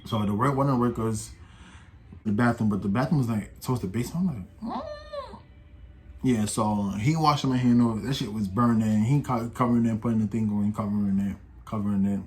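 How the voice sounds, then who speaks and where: A man's voice: fairly low pitch, brisk, a little mellow, a little hiss or hum. An eighteen-year-old man telling a casual storytime, rambling and slangy, with many restarts and quoted voices. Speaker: vlogger.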